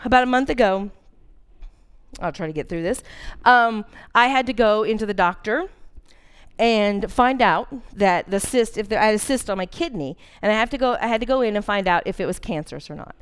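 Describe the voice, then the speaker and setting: A woman's voice: medium pitch, brisk, clear, resonant tone. A woman in her forties preaching a sermon, earnest and candid, telling a personal story with dramatic emphasis. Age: 40s.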